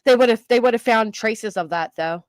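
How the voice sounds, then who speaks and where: A woman's voice: fairly high pitch, brisk, dry recording. An older woman hosting a true crime livestream, reacting casually to viewer comments and news clips with frequent fillers and restarts.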